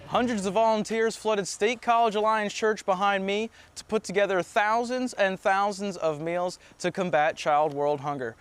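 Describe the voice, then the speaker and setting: A man reporting on location in front of a church, explaining clearly. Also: sits high, fairly even intonation, normal speed, hardly any pauses, slight background noise. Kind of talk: on-location stand-up.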